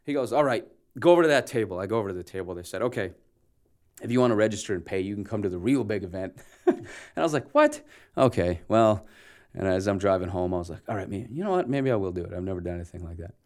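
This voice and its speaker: Deep-voiced Canadian man telling stories. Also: fast. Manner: animated storyteller acting out dialogue, laughing. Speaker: actor guest. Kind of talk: casual storytelling interview.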